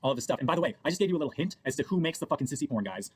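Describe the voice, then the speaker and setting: A man's voice: on the high side, expressive, racing, darkish tone, slightly rough. A man lecturing in a self-help video, rambling and preachy, repeating himself. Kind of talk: lecturing monologue.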